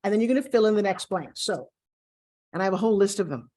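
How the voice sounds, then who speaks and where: A woman's voice: mid-range voice, expressive, quick pace, mellow. A middle-aged woman teaching a video course, speaking in an upbeat coaching style straight to the viewer. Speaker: course instructor.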